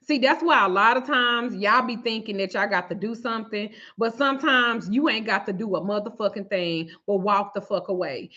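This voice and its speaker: Woman with a bright voice telling a wild story, swears a lot, kinda dull lo-fi audio. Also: mid-range voice, normal speed, hardly any pauses. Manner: profane, animated storyteller, laughing often. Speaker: tarot reader and vlog host. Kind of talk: casual storytelling to viewers.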